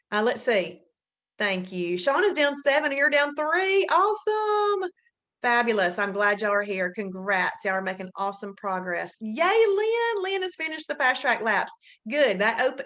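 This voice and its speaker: Woman host with an Alabama drawl, slightly high voice, chatty and upbeat, greeting people by name on a live webinar. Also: fairly bright tone. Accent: Southern US, Alabama. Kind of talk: casual live webinar chat.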